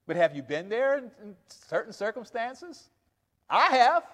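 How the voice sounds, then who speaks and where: A man with a high, bright voice preaching a sermon, reading scripture and acting out its lines with animated asides and laughs. Long reverb from the hall trails each phrase. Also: measured pace.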